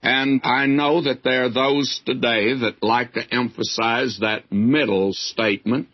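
A man preaches verse by verse at an unhurried, slow pace, stopping for folksy asides. His voice is a little husky. The old recording sounds dull and lo-fi. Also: mid-range voice, steady tone. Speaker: Bible teacher. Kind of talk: sermon.

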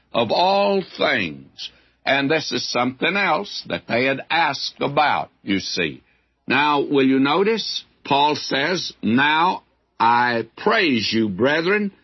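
A Bible teacher works through a sermon verse by verse, slow and unhurried, pausing for folksy asides. His medium-pitched voice is a little husky, and the old recording sounds dull and lo-fi.

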